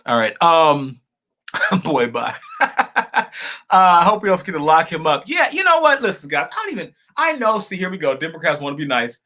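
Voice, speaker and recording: A man holds forth on a live stream, calling his viewers y'all and folks. He talks fervently and circles back to the same points, jumping from loud outbursts to quiet asides, then slips into reading comments aloud. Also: fairly high pitch, big pitch swings, normal speed. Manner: fervent, repetitive, swings between shouting and quiet asides.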